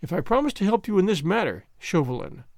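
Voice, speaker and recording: A man's voice: sits high, sing-song, quick pace, darkish tone, dry recording, studio quality. A man voicing a desperate noblewoman pleading for her brother in an audiobook, in a despairing tone.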